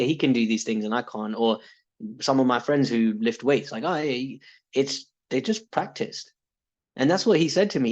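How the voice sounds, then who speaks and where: A man's voice: mid-range voice, highs cut off. A British man talking casually and reflectively about his coaching, rambling with restarts and laughs. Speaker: coaching client.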